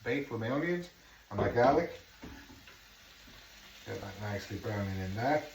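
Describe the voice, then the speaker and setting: A middle-aged Englishman with a lowish, expressive voice chats casually at a moderate pace while cooking in his home kitchen for a vlog, now and then swearing under his breath. The kitchen is echoey and noisy, and he's far from the mic.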